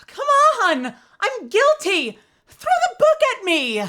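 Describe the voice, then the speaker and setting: A woman's voice: sits high, slow, noisy background, pitched above the performer's own voice. A woman voicing a frantic young man who stammers and shrieks to be found guilty, over background music. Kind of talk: dramatic game reading.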